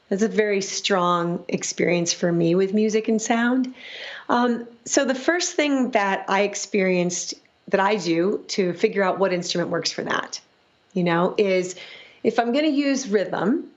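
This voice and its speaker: A reflective woman in her fifties answers questions in a mid-pitched voice. She explains things like a teacher and often tags her points with "right?". The audio is dull and lo-fi, as if from an online call. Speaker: guest teacher of music and sound healing.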